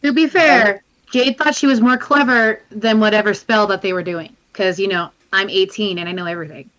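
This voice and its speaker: A woman player at a tabletop game, chatting casually and excitably. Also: medium pitch, fairly quick, muffled recording.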